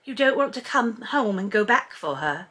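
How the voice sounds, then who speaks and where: A woman's voice: medium pitch, very animated, normal speed, fairly bright tone. A woman voicing a caustic, scoffing Englishwoman from a novel in a put-on British accent.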